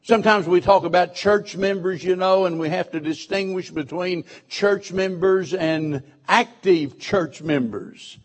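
Guy preaching a sermon, kinda high voice, leans on the same words over and over. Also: measured pace, few pauses. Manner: emphatic, repeats key phrases, asks the listeners questions.

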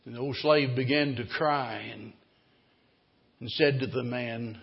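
A man preaching a sermon in a church, telling a story dramatically and swinging between loud and hushed delivery. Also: mid-range voice, unhurried, creaky. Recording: dull recording, long hall reverb.

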